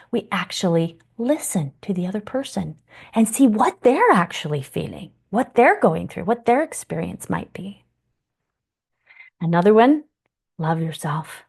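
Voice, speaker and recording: Woman, relationship coach, teaching talk, earnest, encouraging, middle pitch. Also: a little mellow, breathy edge. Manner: earnest and encouraging, acts out feelings in exaggerated voices.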